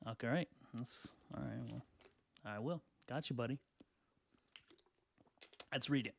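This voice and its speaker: A man's voice: mid-range voice, moderate pace, pauses often, no echo. Rambling podcast guy, crude, dry close mic. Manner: rambling and crude, laughs often, clears his throat. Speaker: podcast host. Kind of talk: casual solo podcast reading tweets aloud.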